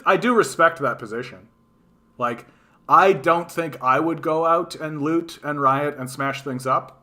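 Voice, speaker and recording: Profane, bright-voiced ranting man. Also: mid-range voice. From Canada. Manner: profane, animated, mocking quoted voices. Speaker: livestream host. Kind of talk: casual ranting monologue.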